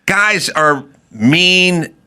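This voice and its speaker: Podcast host guy from california, riffs on silly bits, voice sits a bit high and swoops all over. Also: expressive, very slow, sharp tone, smooth. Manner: riffing, building absurd bits with punchlines. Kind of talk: casual comedic chat.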